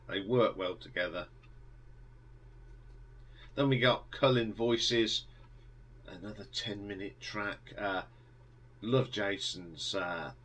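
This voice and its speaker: Man, very low voice, husky, rambling album review, lots of fillers. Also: pushed and bright, poor audio. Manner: rambling, enthusiastic, many fillers and restarts. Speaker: music reviewer. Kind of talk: casual album review monologue.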